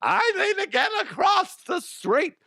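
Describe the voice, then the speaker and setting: A man voicing an impatient elderly woman on a mobility scooter, in a high, fussy voice. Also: big pitch swings, a little slow, creaky, bright, forceful tone, no echo, clean studio sound, exaggerated voice.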